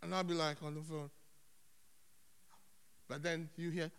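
A man preaching a sermon as a pastor, animated, dropping to hushed tones and then rising loud. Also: a little high, moderate pace, long pauses. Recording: long hall reverb.

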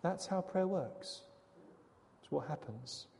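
Male preacher, high pitched, earnest and questioning, reverberant hall sound. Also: lively intonation, takes it slowly, vocal fry, mellow. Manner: earnest, dramatic, with rhetorical questions. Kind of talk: sermon.

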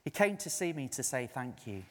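Animated preacher in a reverberant hall. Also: male voice, mid-range voice, normal speed. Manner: storytelling, animated, quoting others in raised voice. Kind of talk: sermon.

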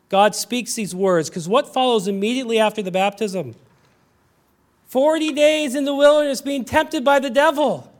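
A man with a notably high voice delivers a sermon as pastor. He drops to quiet, intimate storytelling, then rises to emphatic, ringing declarations. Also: lively intonation, moderate pace. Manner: emphatic, swinging from hushed storytelling to raised exclamations.

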